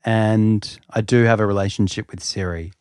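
Low-voiced man with wry deadpan humor. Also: moderate pace, smooth, no echo, studio quality. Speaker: podcast co-host. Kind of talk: casual chat.

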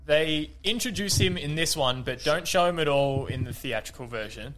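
A man co-hosting a casual chat, measured and asking questions. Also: fairly high pitch, expressive, fairly bright tone, slight background noise. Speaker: podcast co-host.

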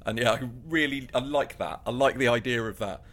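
A man's voice: mid-range voice, fairly quick, fairly bright tone. A man co-hosting a podcast in loose, rambling casual chat, laughing often. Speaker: podcast co-host.

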